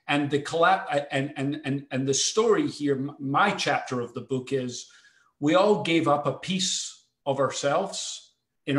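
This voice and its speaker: A man's voice: on the high side, roomy sound. A man with a Scottish accent, speaking as a panelist in a panel discussion, often repeating words as he builds his point. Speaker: foundation executive, panelist.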